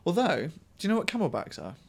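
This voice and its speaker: Animated man telling rambling anecdotes. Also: a little high, fast talker, creaky, a little hiss or hum. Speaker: podcast co-host. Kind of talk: casual podcast chat.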